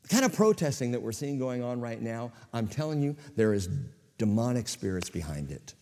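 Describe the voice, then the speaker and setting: A man's voice: mid-range voice, very animated, a little fast, dark tone, long reverb tail. A man preaching a sermon as pastor to a church congregation, with dramatic swings in volume.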